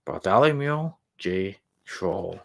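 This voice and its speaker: A man co-hosting a podcast, chatting casually about comics in a rambling way, chuckling and reading quotes aloud slowly. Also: low-pitched, expressive, vocal fry, no echo, clean studio sound. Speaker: podcast co-host.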